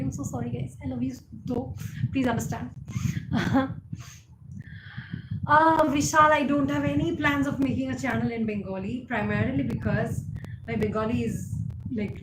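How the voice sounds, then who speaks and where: A chatty woman hosts a live stream and answers viewer questions off the cuff. Her voice sits a little high, and she fills her talk with fillers and quick laughs. The sound is roomy and echoey, with a steady hiss of background noise. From India. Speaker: livestream host. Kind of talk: casual live chat answering viewer comments.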